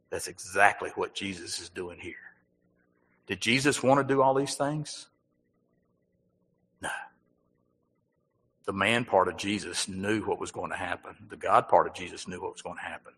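A man's voice: fairly low pitch, sharp tone, in a large hall, rough recording. A male pastor preaching a sermon, asking the congregation rhetorical questions and building emphasis.

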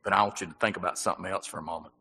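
A man's voice: deep voice, steady tone, rapid-fire, gravelly, sharp tone, slightly rough, big-room sound, low-quality recording. A male pastor preaching a sermon, asking the congregation rhetorical questions and building emphasis.

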